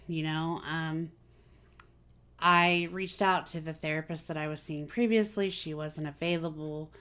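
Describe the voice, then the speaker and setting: A woman's voice: low-pitched, steady tone, a little slow, a bit bright, smooth. A woman hosting a casual personal chat, talking candidly and confidingly with many fillers. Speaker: vlog host.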